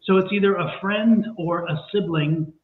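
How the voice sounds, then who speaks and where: During a live-streamed psychic reading, a male tarot reader earnestly reassures a viewer, repeating himself at a normal pace. His slightly high voice comes through a thin, phone-like line with roomy echo and faint noise.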